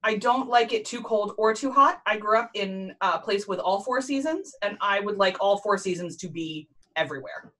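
A woman's voice: medium pitch, normal speed, sharp tone. A woman, co-hosting a casual chat over a call with wry quips and plenty of swearing. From Philadelphia, US. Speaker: podcast co-host. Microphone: remote call recording.

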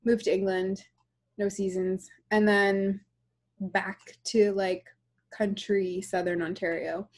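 A woman's voice: mid-range voice, level tone, slow. A woman in her thirties from Canada, co-hosting a casual chat over a call and telling stories with frequent laughs and casual swearing. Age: 30s. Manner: chatty storyteller, laughs often, swears casually. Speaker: podcast co-host. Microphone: remote call recording.

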